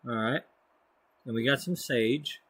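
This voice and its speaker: A man's voice: mid-range voice, measured pace, fairly bright tone, breathy edge, dry recording. A man giving casual, rambling commentary as he plays a life-sim game. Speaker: let's play host.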